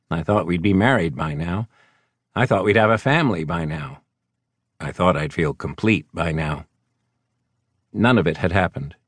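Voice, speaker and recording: A man reading a first-person novel as an audiobook narrator, measured and wry. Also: low-pitched, dry recording, clean studio sound.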